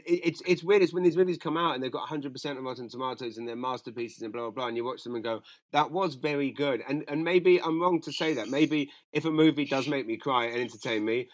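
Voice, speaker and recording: A man's voice: medium pitch, no room sound. A man, co-hosting a casual chat and rambling through strong, profane opinions. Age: 40s. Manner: rambling, opinionated, swears freely. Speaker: podcast co-host.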